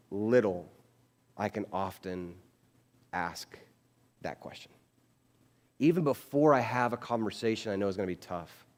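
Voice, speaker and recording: Chatty pastor preaching in an echoing hall. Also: male voice, mid-range voice. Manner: chatty, animated, acts out quoted dialogue. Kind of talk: conversational sermon. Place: church sanctuary.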